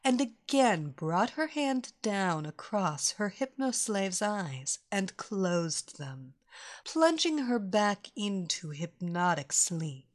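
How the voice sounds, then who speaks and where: A woman narrating a scripted story in a slow, soft, drawn-out reading. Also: mid-range voice, very animated.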